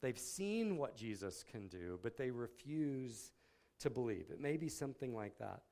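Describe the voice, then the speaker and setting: A man's voice: medium pitch, big pitch swings, measured pace, warm tone. Man giving a casual, conversational sermon. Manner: casual, explanatory, folksy asides. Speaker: campus ministry speaker.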